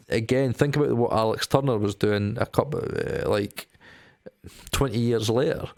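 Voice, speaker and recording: A man's voice: medium pitch, normal speed, vocal fry, a little mellow, no echo, studio quality. A young man vlogging about music in a casual, rambling way, with many ums and restarts. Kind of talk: casual talk to camera.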